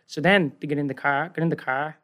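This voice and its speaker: An Irish man, a guest, tells a long story in a loose, rambling way and keeps checking in with "right?" His voice sits a little higher than most men's, and his delivery stays lively and casual. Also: quick pace. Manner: rambling, animated, frequent "right?".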